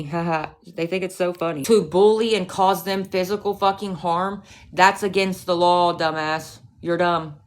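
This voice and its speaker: A woman's voice: fairly low pitch, fairly even intonation, moderate pace, hardly any pauses. A woman livestreaming, talking back to her chat in a profane, confrontational, scolding rant.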